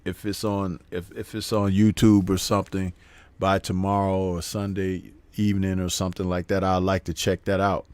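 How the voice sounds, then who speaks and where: A man's voice: sits low, little pitch movement, moderate pace, a little mellow, no echo. A man hosting a boxing show, giving casual post-fight commentary and reading out live chat, rambling and chuckling at his own jokes.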